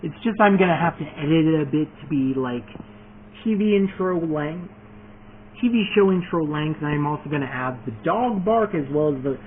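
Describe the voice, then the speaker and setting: A man's voice: on the high side, moderate pace. A man talking casually in a vlog, rambling through his plans with lots of fillers and restarts, eagerly adding one more point after another. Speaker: video creator announcing his fan series. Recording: tinny phone-like sound, faint noise.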